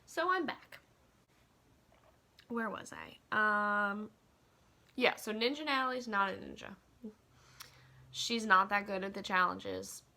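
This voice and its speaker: Woman, bright sharp voice, casual rant, chatty, opinionated, lots of "like" and "um", phone recording. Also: medium pitch, takes it slowly, pauses often. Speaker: vlogger.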